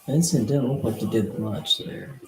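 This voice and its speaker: A man's voice: fairly low pitch, moderate pace. A young man co-hosting a podcast, chatting casually and joking as he reacts to a game on TV. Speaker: podcast co-host. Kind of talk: casual chat while watching a game. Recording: roomy echo, faint background noise.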